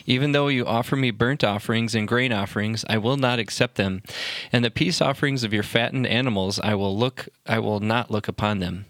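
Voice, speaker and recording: A man's voice: on the low side, brisk, a bit bright, dry recording. A man hosting a pastors' podcast, chatting casually and reading scripture aloud in an easygoing way.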